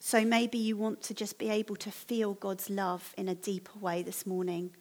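A woman delivers a sermon to her church congregation in an earnest, encouraging tone. Her voice sits at an ordinary middle pitch for a woman. She speaks gently and appeals warmly to her listeners. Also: level tone, moderate pace. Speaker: preacher.

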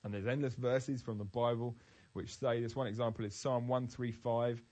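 A man's voice: medium pitch, level tone, normal speed, darkish tone, low-quality recording. A man giving an earnest, emphatic devotional Bible talk, restarting phrases as he goes. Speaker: Christian speaker.

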